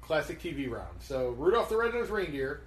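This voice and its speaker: A man's voice: a little high, very animated, brisk. A man hosting a podcast in casual chat, moderating the rounds of a bracket. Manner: moderating, keeps things moving, mild. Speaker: podcast host running the bracket. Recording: roomy echo with faint room noise.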